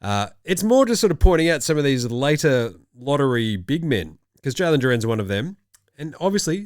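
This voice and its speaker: A man's voice: on the high side, no echo, clean studio sound. A young Australian man hosting a casual basketball show, joking as he rattles off stats. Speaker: host. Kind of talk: casual chat.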